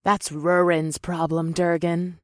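A man voicing a bold, sharp-tongued, red-skinned half-demon woman in an audiobook, commanding and sarcastic. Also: high voice, expressive, unhurried, no echo, studio quality, pitched above the performer's own voice. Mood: dismissive. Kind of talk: audiobook narration.

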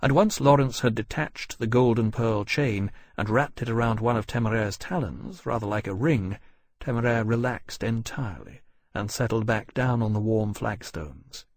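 Low-voiced male audiobook narrator. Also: moderate pace, dry recording. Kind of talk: scripted narration.

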